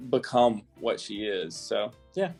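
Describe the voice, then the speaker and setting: A man's voice: fairly low pitch, very animated, slow pace, darkish tone, slightly rough, faint music behind. A man from South Carolina, a guest in a casual interview, talking chattily with lots of fillers and laughs. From South Carolina, USA.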